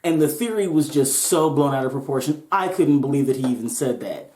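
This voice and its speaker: Her voice is very deep and dark, with lively intonation and a fairly quick delivery, as she hosts a podcast. She tells a story in a laid-back, foul-mouthed way, joking along the way, and the room echoes around her.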